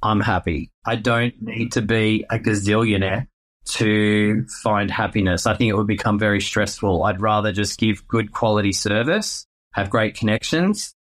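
Animated, playful man. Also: lowish voice, normal speed. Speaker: real estate agent. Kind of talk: casual interview answers.

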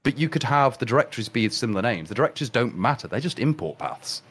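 A man's voice: medium pitch, big pitch swings, fast talker, fairly bright tone, slightly rough. A man with an English accent, a guest programmer explaining his work in casual technical chat, rambling with many restarts and fillers. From England.

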